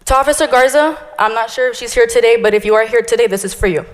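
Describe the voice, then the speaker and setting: A woman's voice: on the high side, fairly even intonation, quick pace. Earnest young woman in a reverberant hall. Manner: earnest, heartfelt, tearful near the end. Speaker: graduating police cadet giving a speech. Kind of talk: emotional thank-you speech. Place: large hall.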